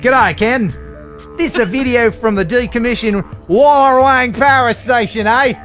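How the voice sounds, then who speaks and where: A man's voice: very high voice, normal speed, a bit bright, faint music behind, voice pushed up. A man putting on an Australian accent to voice a cheery Australian viewer reading out his own letter, with an exaggerated twangy drawl. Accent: put-on Australian.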